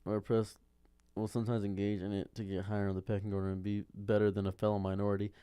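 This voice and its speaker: A man's voice: lowish voice, little pitch movement, fast talker, dark tone, clean tone, dry recording. A man in his thirties who talks off the cuff in a casual commentary monologue, rambling and repeating himself with a baffled, exasperated tone. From Detroit. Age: 30s. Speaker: streamer.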